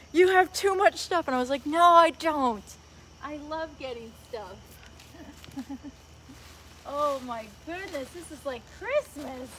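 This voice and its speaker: A young woman with a high, bright voice gushes over each gift she opens, talking straight to her viewers in a casual vlog. Her excited chatter runs over a faint hiss of background noise. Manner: gushing, excitable, talks to viewers and gift giver. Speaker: vlogger opening a gift haul. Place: home, later outdoors by a tree.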